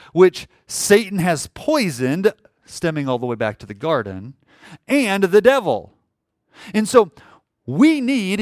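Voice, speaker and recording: A man preaching a sermon as a pastor, moving between quiet, hushed passages and loud, emphatic calls. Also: fairly high pitch, dry recording, clean studio sound. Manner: emphatic, swings from hushed to shouting.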